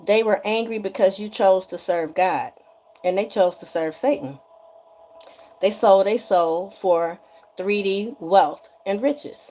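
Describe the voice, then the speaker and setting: A woman's voice: medium pitch, takes it slowly, dark tone. A woman giving a spiritual energy reading straight to the viewer in a sassy, chatty way, often asking "okay?". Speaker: tarot energy reader.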